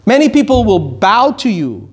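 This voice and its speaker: A man's voice: high-pitched, big pitch swings, moderate pace, breathy edge. A middle-aged man from Iran giving a Torah lecture as a teacher, emphatic, repeating his key points and drifting into anecdotes.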